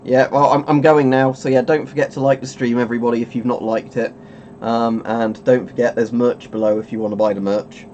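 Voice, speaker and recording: A man's voice: mid-range voice, flat delivery, brisk, darkish tone, dull audio, a little hiss or hum. Rambling man chatting on stream. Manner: rambling, chuckling, self-interrupting. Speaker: streamer host. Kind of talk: casual webcam stream chat.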